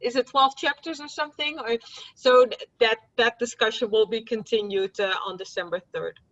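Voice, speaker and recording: A woman with a higher voice speaks casually on a video call, hesitating and restarting as she talks about workshop sessions. The sound is dull and muffled. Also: moderate pace, a bit bright, recorded from a distance.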